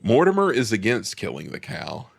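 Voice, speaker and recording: A man chats on a film podcast, tossing in jokes and quick reactions between laughs. His low voice has a gravelly edge and swings widely in pitch, recorded dry and close. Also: wildly swooping pitch, no room sound. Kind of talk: casual film discussion podcast.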